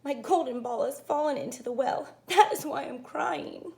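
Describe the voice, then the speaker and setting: A woman's voice: high-pitched, normal speed, creaky, slight background noise, voice pushed up. A woman doing a spoiled young princess. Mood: tearful. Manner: expressive storybook voicing.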